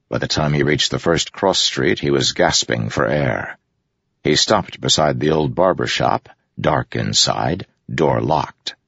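A man narrates a story in a very deep, gravelly voice with lively shifts of pitch. His voice is husky. The recording is dry and slightly muffled. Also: no room sound. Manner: measured, steady storytelling. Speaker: audiobook narrator. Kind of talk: scripted narration.

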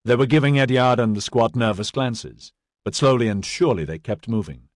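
A man giving a scripted audiobook narration in a steady, even storytelling manner. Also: mid-range voice, fairly quick, no echo, clean studio sound.

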